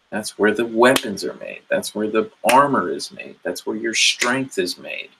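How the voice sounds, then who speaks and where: A man's voice: lowish voice, gravelly, background noise. A man giving a rambling, earnest motivational monologue about inner growth, swearing casually as he talks. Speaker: spiritual self-help speaker.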